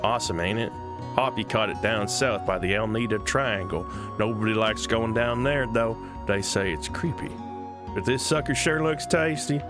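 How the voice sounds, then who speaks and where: A man voicing a cheerful, rough male villager who boasts excitedly about a big fish, in a game read-along. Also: fairly low pitch, moderate pace, lightly acted. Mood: boastful. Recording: game music behind.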